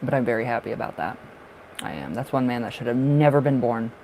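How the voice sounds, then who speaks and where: Raspy-voiced chatty man on a livestream. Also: medium pitch, expressive, quick pace, a little mellow, slight background noise, rough recording. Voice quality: raspy from smoking. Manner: rambling, chatty, laughs often. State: short of breath at times. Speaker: livestream tarot reader. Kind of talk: casual livestream chat.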